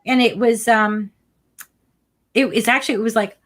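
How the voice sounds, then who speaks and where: Chatty woman with a slightly high voice. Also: fairly even intonation, normal speed, a bit bright. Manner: chatty, many "like" fillers, blunt opinions. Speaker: spiritual live-stream co-host. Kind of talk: casual spiritual chat.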